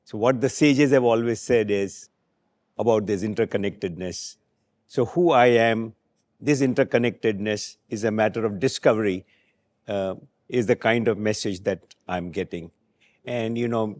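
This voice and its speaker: A man hosting a talk, speaking in a measured, reflective way as he moderates the conversation. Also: lowish voice, darkish tone. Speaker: host.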